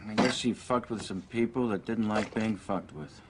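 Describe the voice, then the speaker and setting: An actor playing a bodyguard's brisk, matter-of-fact male partner, heard in a noisy film clip. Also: lowish voice, close to an everyday voice.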